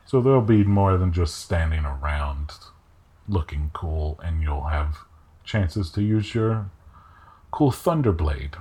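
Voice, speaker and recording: Man with a very low voice running a game. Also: slow. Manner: relaxed, hesitant with many fillers. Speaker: game master. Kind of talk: narrating a tabletop game.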